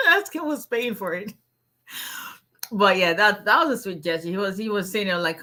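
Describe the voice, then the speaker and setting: A woman's voice: on the low side, lively intonation, moderate pace, pushed and bright. A woman, an immigration attorney chatting casually on a livestream, greeting viewers and laughing often.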